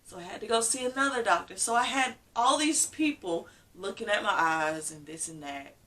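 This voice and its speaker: A woman's voice: mid-range voice, moderate pace, a bit bright, distant mic. A woman vlogger telling a personal story candidly and emotionally, acting out what people said.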